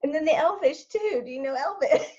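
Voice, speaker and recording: A woman podcast host interviewing a guest over a video call, enthusiastic and quick to laugh. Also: high-pitched, lively intonation, dark tone. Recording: dull lo-fi call audio.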